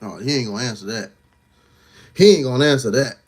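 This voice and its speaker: A man hosts a casual livestream, talking loose and slangy with lots of fillers and frequent "you know what I'm saying," while pressing a viewer with teasing, confrontational questions. His voice is medium-pitched, brisk and slightly rough.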